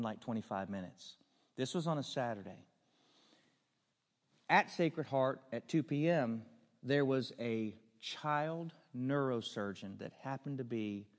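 Man preaching in a reverberant hall. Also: mid-range voice. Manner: earnest, builds to emphatic questions. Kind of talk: storytelling sermon.

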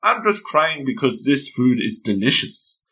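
A man voicing a teary young woman who is defensive but friendly, in a raised, brisk voice. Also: mid-range voice, sing-song, sharp tone, full character voice.

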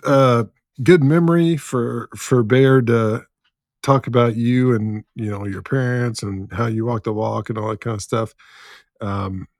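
Slow, low-voiced male podcast host. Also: darkish tone, no echo, studio quality. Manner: unhurried, reads out shared memories with filler ums. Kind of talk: casual interview chat.

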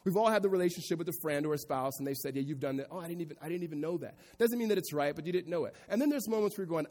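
A male pastor preaching a sermon to a congregation, moving from quiet reflection into loud, emphatic passages. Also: sits high, lively intonation, fast talker, in a large hall. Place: church hall with congregation.

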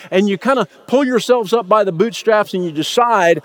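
A man's voice: high-pitched, expressive, moderate pace, few pauses, no echo. A man preaching a sermon as pastor, telling a story and acting out the lines of the people in it. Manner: storytelling, acts out quoted lines in raised voice.

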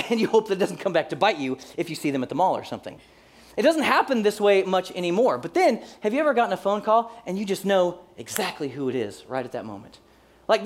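A man in his forties preaching a sermon as a pastor, conversational and humorous, acting out little everyday scenes. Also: sits high.

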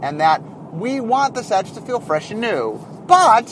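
A man with a high voice talks through design decisions in a loose, rambling way. His pitch swoops up and down as he thinks aloud. Faint traffic hum sits behind him in a car. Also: sing-song, unhurried. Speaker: game designer. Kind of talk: casual explanatory monologue.

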